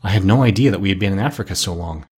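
A man voicing a kindly, polite animal doctor who speaks gently. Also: sits low, rapid-fire, breathy edge, voice pushed down. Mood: grateful.

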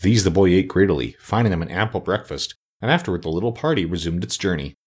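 A man narrating a storybook aloud with a low, husky voice. His reading is measured yet expressive, with a lively rise and fall in pitch. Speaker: audiobook narrator.

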